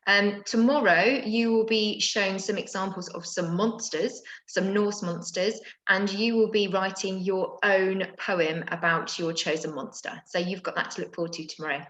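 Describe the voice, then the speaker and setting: A woman's voice: mid-range voice, steady tone, normal speed, few pauses, a bit bright, reverberant, poor audio. A woman teaching primary school children in a recorded home lesson, explaining tasks patiently with the odd filler.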